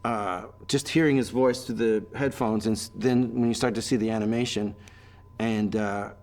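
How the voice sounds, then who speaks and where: A man's voice: fairly low pitch, fairly even intonation, moderate pace, a little mellow. A middle-aged man, telling anecdotes in an interview in a chatty way, full of fillers. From Canada. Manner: chatty storyteller, many fillers. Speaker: actor being interviewed.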